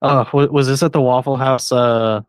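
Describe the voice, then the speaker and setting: A man co-hosting a podcast, talking in a relaxed, easygoing way. His voice is smooth and resonant at a middle pitch. The sound is dry and close. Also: normal speed, no echo. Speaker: podcast co-host. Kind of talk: casual podcast chat.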